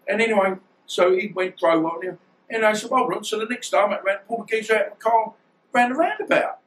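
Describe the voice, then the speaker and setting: A man's voice: high-pitched, quick pace, low-quality recording. Rambling man in his fifties. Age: 50s. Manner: rambling, animated, acts out dialogue, swears. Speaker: guest, former boxer. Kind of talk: storytelling interview.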